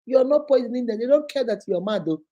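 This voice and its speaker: A woman's voice: a little high, expressive, racing, warm tone, muffled recording. A woman hosting a casual live stream, giving emphatic marriage advice and greeting viewers by name. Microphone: phone.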